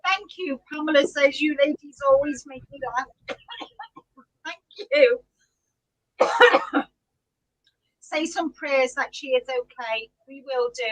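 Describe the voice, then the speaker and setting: A high-voiced woman hosts a relaxed live chat, unhurried in pace. She laughs often and greets viewers one by one. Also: low-quality recording. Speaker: podcast host reading live chat. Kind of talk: casual live-stream chat.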